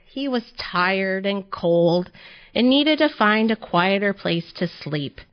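A woman reads a children's picture book aloud for a library storytime. She takes her time, and her voice rises and falls gently with the story. The audio sounds a little dull. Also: medium pitch. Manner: gentle, expressive and unhurried.

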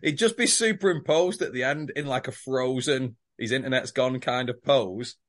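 A man's voice: medium pitch, moderate pace, fairly bright tone. A man, co-hosting a casual podcast and giving his opinions on a soap, with plenty of swearing. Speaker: podcast co-host. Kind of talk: casual recap chat.

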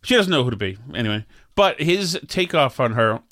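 A man's voice: medium pitch, big pitch swings, fairly quick, fairly bright tone, no room sound, studio quality. Sarcastic, rambling man. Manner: sarcastic, rambling, with stammered restarts. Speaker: podcast co-host. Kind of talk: casual banter.

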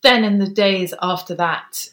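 A woman in her thirties, a guest author telling a personal story in an interview, soft-spoken and hesitant, pausing often with ums. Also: mid-range voice, low-quality recording.

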